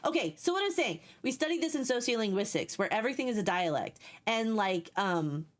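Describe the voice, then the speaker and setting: A woman's voice: fairly high pitch, very animated, brisk. A young woman streaming live, chatting casually with her viewers and explaining things at length while she reads their messages.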